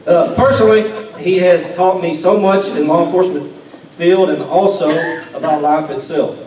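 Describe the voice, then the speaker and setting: A police chief reads a prepared award tribute in a halting, emotional voice that sits fairly high, clearing his throat now and then. He is far from the mic in an echoey hall, with a faint murmur of room noise behind him. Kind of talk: reading a prepared award speech.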